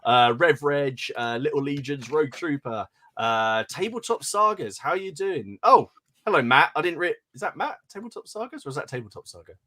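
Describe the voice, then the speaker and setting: A man's voice: on the high side, lively intonation, moderate pace, pushed and bright. A man from England hosting a hobby podcast in casual chat, reading out listener names and laughing often. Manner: chatty, laughs often, stumbles over names. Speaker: podcast host.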